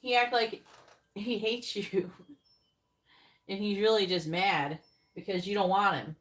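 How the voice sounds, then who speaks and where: A woman reads tarot live in an easy, chatty way, her voice sitting at an ordinary middle pitch. She names each card in a quick, low mutter, then turns blunt and profane about what it means. She laughs often along the way. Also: fairly even intonation, a bit bright. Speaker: psychic tarot reader. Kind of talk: live-streamed tarot reading, casual chat.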